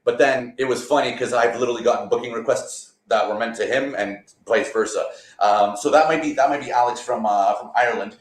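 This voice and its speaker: Calling in remotely from a borrowed apartment with roomy echo, a man appearing as a guest magician rambles through relaxed stories in a casual interview. He talks fairly quickly at medium pitch.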